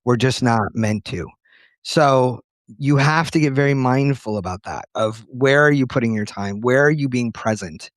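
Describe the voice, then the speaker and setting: A man's voice: mid-range voice, moderate pace, dry recording, studio quality. A man talking earnestly and reflectively in a casual conversation as a writer guest, telling stories from his life. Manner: earnest, reflective, tells anecdotes with quoted voices.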